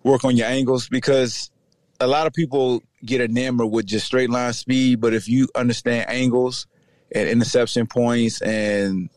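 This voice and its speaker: A man's voice: medium pitch, moderate pace, no echo. A middle-aged man from Virginia hosting a casual sports podcast, talking in slang, joking and mimicking other people. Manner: animated, slangy, jokes and voices people. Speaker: podcast host, former player.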